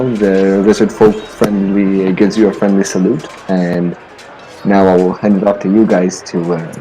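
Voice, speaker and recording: A man narrating as game master of a tabletop game, relaxed with frequent fillers. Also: on the low side, low-quality recording.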